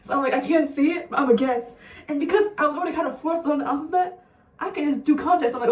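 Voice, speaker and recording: A woman's voice: high voice, fast talker. A young woman vlogger telling a rambling, profane story in a casual storytime way. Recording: roomy sound, distant mic.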